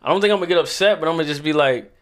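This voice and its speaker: A young man speaks at a quick clip. He is emphatic and slangy, and he keeps saying "you know what I'm saying" in a casual chat. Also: on the high side, fairly bright tone.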